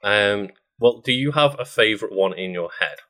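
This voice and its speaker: A man with a low, bright and forceful voice co-hosts a relaxed podcast. He reads out film facts as he goes, filling gaps with ums and pauses, and keeps the talk loose and conversational. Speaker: podcast co-host. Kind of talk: casual chat.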